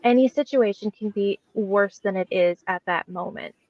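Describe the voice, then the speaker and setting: Woman guest, mid-pitch, earnest and reflective, on dry, slightly muffled audio. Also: normal speed, a little mellow, no echo. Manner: earnest and reflective, quoting herself. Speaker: podcast guest. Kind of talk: casual interview chat.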